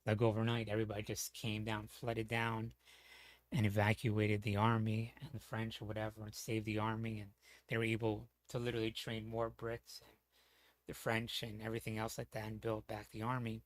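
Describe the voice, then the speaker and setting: A man's voice: lowish voice, completely flat delivery, normal speed, no room sound. A man talking casually as a streamer, rambling with lots of fillers, restarts and casual swearing.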